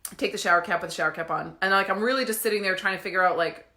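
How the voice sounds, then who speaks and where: A woman from the United States telling a story in a casual, animated way, swearing freely and often breaking into laughter. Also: mid-range voice, very fast. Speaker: business coach. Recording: echoey room.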